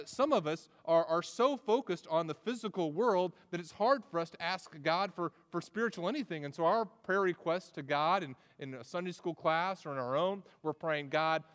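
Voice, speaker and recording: A man's voice: on the high side, animated, moderate pace, hardly any pauses, fairly bright tone, long reverb tail. A man in his thirties preaching a sermon as pastor, conversational and prone to repeating words as he starts a phrase.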